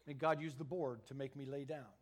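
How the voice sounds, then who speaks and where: A middle-aged man preaching a sermon as pastor, earnest and emphatic, swelling louder at key points and stumbling into quick restarts. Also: medium pitch, fairly even intonation.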